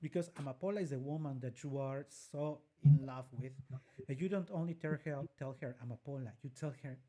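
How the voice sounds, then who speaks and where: A woman's voice: extremely low pitch, fairly quick, dark tone. Woman breaking down a singer's phrasing. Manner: explanatory, demonstrates by singing phrases. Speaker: co-host and vocal coach. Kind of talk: analytical music commentary with sung examples.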